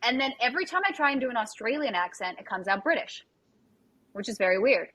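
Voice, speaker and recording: A woman hosting a casual chat, chatty and quick to quote herself. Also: a little high, expressive, a bit bright. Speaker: host.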